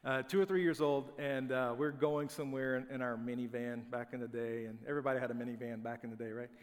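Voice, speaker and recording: Pastor preaching in a reverberant hall. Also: male voice, mid-range voice, fairly even intonation, fast. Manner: conversational storytelling, self-deprecating. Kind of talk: sermon.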